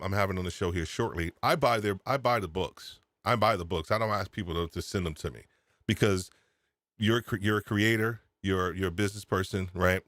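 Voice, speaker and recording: A man with a very low voice hosts a casual live podcast stream. He is excitable, laughs often and repeats himself, speaking close to a desk microphone in a dry, dead-sounding room. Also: no room sound. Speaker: podcast host. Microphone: USB desk microphone.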